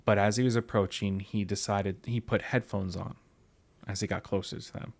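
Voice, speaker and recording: A man's voice: on the low side, fairly even intonation, normal speed, darkish tone. A man hosting a podcast book club, casually paraphrasing a story from memory. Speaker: podcast host.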